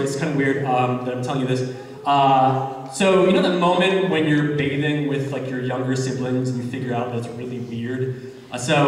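A man in his twenties doing a stand-up comedy set, telling awkward, rambling stories with crude punchlines in front of a live audience. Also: medium pitch. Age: 20s. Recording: echoey hall, mic heard from far off.

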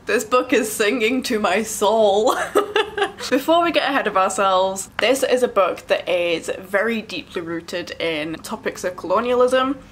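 A young woman talks eagerly about a book she loves, gushing and laughing often. Her pitch sits in a middling range. A faint hum of ambience lingers behind her voice. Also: a bit bright. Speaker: book vlogger. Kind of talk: casual book review vlog.

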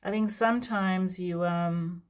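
A woman's voice: fairly low pitch, a little slow. A woman giving a casual, frank tarot reading to her viewers, chatty with many fillers and asides. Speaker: tarot reader.

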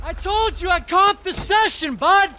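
An actor playing a smug, laid-back tennis coach in a video game, with breezy bro talk. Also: male voice, very high voice, unhurried, sharp tone, a little hiss or hum, heavily acted.

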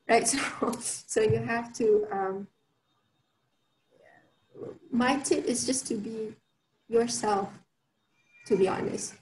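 A woman's voice: fairly high pitch, fairly even intonation, slow pace, long pauses, darkish tone, a little hiss or hum. A young adult woman giving an online workshop talk, chatty, with many fillers and restarts. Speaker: workshop speaker. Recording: roomy sound with faint ambience.

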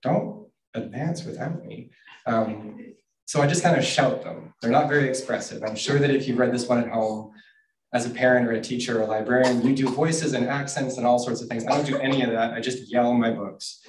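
A man's voice: mid-range voice, fairly even intonation, brisk. A man from Canada, an author chatting casually and self-deprecatingly as he reads his picture books aloud at a bookstore event. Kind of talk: casual public book reading. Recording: roomy, distant mic.

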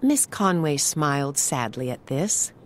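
A woman narrating a story in slow, clear English for learners. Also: low-pitched, expressive, slight background noise.

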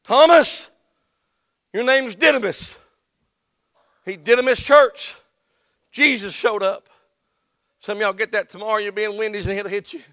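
A man preaching a sermon as pastor, folksy and plain-spoken, building up to shouts in church. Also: high voice, fairly even intonation, normal speed, pauses often, no room sound. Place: church sanctuary.

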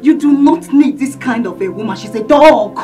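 An actress playing a brash, quarrelsome young woman with a Nigerian accent, loud and scornful. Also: on the high side, normal speed, faint music behind, natural voice.

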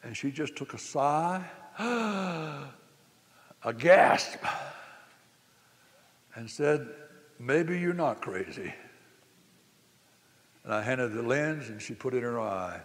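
A man preaching a sermon, telling a story that rises to loud, emphatic exclamations. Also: medium pitch, expressive, takes it slowly, long pauses. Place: camp meeting hall. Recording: long reverb of a hall.

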